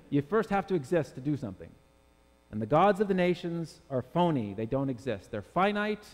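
A man's voice: a little high, a little mellow, in a large hall. A man preaching a sermon as pastor to his congregation, emphatic and full of rhetorical questions. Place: church sanctuary with congregation.

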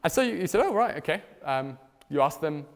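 Male pastor, mid pitch, animated sermon delivery, reverberant church hall. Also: fairly quick. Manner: animated storytelling with strong swings in pitch and loudness.

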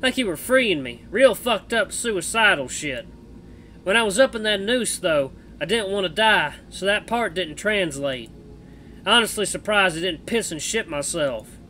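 A man voicing a gruff, foul-mouthed male bat-man with a put-on cowboy drawl, reading a visual novel aloud in a loud, blunt way. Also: high voice, expressive, measured pace, slight background noise, voice pushed up, full character voice.

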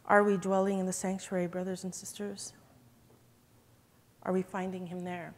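A woman's voice: on the low side, little pitch movement, normal speed, slight background noise. A woman giving an emotional, earnest church testimony in an event hall, addressing listeners as brothers and sisters.

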